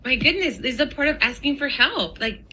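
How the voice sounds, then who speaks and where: Woman, podcast host, animated, encouraging, bright tone, faint background noise. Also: high voice, a little fast, rough recording. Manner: animated, encouraging, laughs easily. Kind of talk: casual interview chat.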